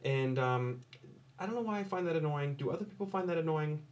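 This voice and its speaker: A man's voice: a little high, lively intonation, a little fast, darkish tone. An American man hosting, commenting on his own show in a rambling, self-questioning, mock-annoyed way. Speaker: podcast host. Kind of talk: solo commentary over a replay.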